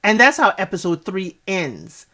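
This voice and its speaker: A woman's voice: mid-range voice, sing-song, measured pace, sharp tone. A woman giving a casual spoken recap of a reality show, chatty and sassy, talking back to the people on screen with lots of asides.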